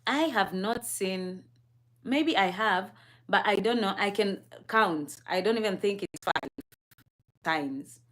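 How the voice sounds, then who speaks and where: A woman's voice: mid-range voice, animated, slow, a bit bright, slight background noise. Chatty, curious woman from Kenya. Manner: curious, chatty, laughs often, addresses chat and co-host. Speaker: livestream co-host. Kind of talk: casual livestream chat.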